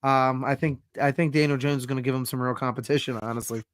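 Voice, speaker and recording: A man's voice: mid-range voice, fairly even intonation, fast talker, dry recording, clean studio sound. A man co-hosting a podcast over a video call, arguing his points emphatically and swearing often. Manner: profane, emphatic, argumentative. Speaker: podcast co-host. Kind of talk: heated casual sports chat.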